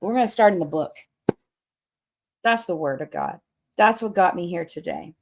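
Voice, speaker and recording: Blunt, sleepless woman livestreamer, lower voice, profane and fiery. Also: normal speed, background noise. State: has not slept. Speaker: livestream host. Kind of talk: casual livestream rant.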